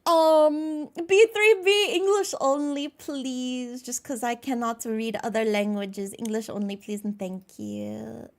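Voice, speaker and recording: A woman's voice: on the high side, steady tone, slow, vocal fry, few pauses. A young American woman streaming live, chatting casually, greeting viewers by name and laughing at herself. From United States.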